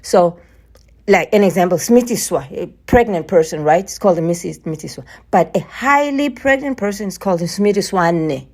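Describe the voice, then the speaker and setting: A woman whose first language is Bantu, giving an emphatic screen-share Bible lesson. She keeps checking in with "right?" and leaps up in pitch on key points. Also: lively intonation, moderate pace, darkish tone. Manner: emphatic, repetitive, asks "right?" constantly. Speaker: Bible teacher.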